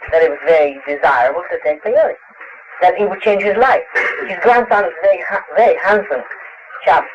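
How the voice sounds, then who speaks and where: A man tells stories at a lecture question session, halting and restarting, dropping fillers and laughing often. His voice sits high and swings widely in pitch. The dull, lo-fi 1960s tape carries a steady hiss. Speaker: interviewed author. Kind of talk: lecture Q&A, casual storytelling.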